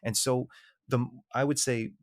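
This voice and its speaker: A man's voice: medium pitch, steady tone, measured pace, dry recording, clean studio sound. A man hosting an interview podcast, asking long, thoughtful questions that search for the right words. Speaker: podcast host.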